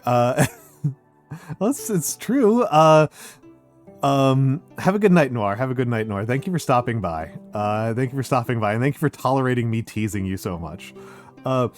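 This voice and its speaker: Slow-talking man streamer, chatty. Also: mid-range voice. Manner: slow, chatty, laughing often, with many fillers. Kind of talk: casual live-stream chat.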